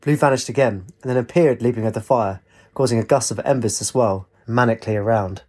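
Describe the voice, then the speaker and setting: A man narrating a storybook in a steady, expressive reading voice. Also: medium pitch, a little fast.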